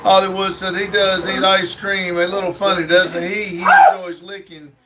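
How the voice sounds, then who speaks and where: A man's voice: sits high, big pitch swings, moderate pace, very noisy. A man hosting a casual livestream, reading viewer comments aloud with lots of fillers. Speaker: livestream host reading chat.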